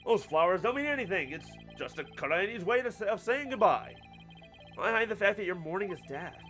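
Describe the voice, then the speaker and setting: A man's voice: high voice, big pitch swings, fairly quick, a bit bright, faint music behind. A man reading an earnest young game lawyer. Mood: pressing. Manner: earnest, pressing questions. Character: earnest young male defense lawyer, persistent.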